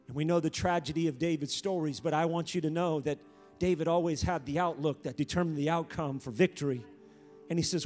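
A man preaching a sermon, emphatic, repeating phrases and rising to near-shouts. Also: a little high, fairly quick, soft background music.

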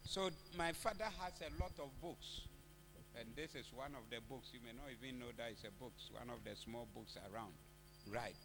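A Ghanaian man preaching a convention sermon, switching languages and drawing call-and-response from the crowd, building to shouted exhortations. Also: a little high, a little hiss or hum. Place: large church hall. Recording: echoey hall with music behind.

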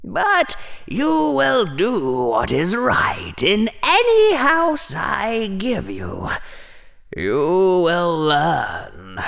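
A man voicing a calm, wise old magical talking hat in a storybook reading, speaking gently and slowly. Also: on the high side, creaky, voice pushed up, heavily acted. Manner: gentle, slow and reassuring.

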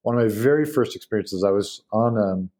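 Low, mellow-voiced man chatting. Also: brisk. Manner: animated storyteller with many fillers and restarts. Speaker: guest expert on beef. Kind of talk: casual podcast conversation.

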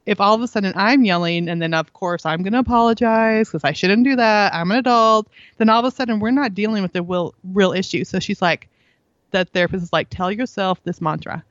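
A woman's voice: medium pitch, brisk, no room sound, muffled recording. A middle-aged woman, a guest on a parenting interview, telling earnest stories and acting out the lines people said to her. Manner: earnest storytelling, acts out quoted lines, laughs often. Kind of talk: conversational interview.

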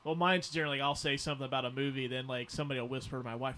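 A man's voice: mid-range voice, steady tone, rapid-fire, sharp tone. A man co-hosting a casual movie watch-along, rambling and joking with swearing. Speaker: podcast co-host.

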